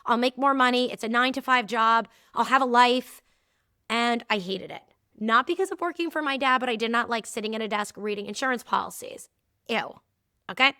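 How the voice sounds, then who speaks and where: A woman with a bright, crisp voice hosts her own podcast, talking candidly and with animation as she teaches and tells stories. The sound is close and dry, with no room around it. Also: on the high side, fairly quick, dry recording. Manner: candid, animated storytelling with laughs. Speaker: podcast host and movement teacher. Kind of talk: casual solo podcast talk.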